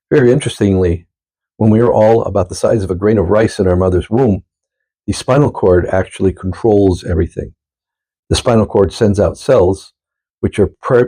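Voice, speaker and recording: A middle-aged man, a doctor, giving a calm, measured explanatory talk to camera. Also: on the low side, creaky, husky, low-quality recording.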